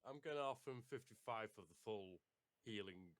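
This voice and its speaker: A man's voice: lowish voice, fairly quick, dry recording. A man playing a tabletop game, easygoing and laid-back. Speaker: player. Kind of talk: casual play at the gaming table.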